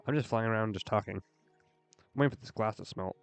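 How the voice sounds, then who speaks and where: A young man with a fairly low voice chats casually while he plays, drifting from thought to thought in an earnest, rambling way. Faint game music sits quietly behind him. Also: a little fast, gravelly, smooth, dry recording. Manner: earnest, rambling, with frequent "like" fillers. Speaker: streamer.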